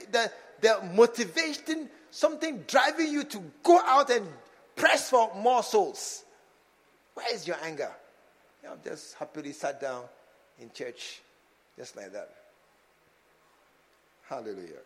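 A fiery male pastor preaching with a high, very lively voice that leaps between hushed asides and shouted urging. His sermon rings with the long reverb of a church hall. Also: a little slow, pauses often. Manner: fiery, swinging from soft asides to shouted exhortation.

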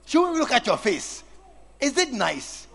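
A man's voice: extremely high pitch, wildly swooping pitch, measured pace, vocal fry, a bit bright. A man preaching a sermon, teasing and acting out scenes with his congregation. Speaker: pastor.

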